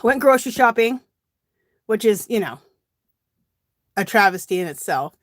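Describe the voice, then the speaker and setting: A woman's voice: medium pitch, lively intonation, moderate pace, no room sound, studio quality. A middle-aged woman chatting casually on a home craft livestream, greeting viewers by name and a bit out of breath. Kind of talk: casual live-stream chat while crafting.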